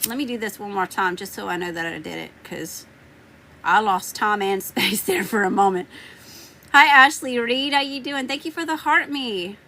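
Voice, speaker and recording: A woman's voice: medium pitch, moderate pace, a bit bright, a little hiss or hum. A woman hosting a tarot livestream, chatting casually, joking, swearing freely and laughing often. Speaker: tarot reader livestream host.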